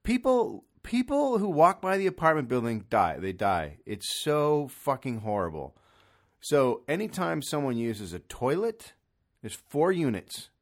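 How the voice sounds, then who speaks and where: Exasperated man ranting with lively pitch. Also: unhurried. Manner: exasperated, profane, animated with sudden loud bursts. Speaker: podcast host. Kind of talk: solo comedic rant. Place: son's room in an apartment. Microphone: studio microphone.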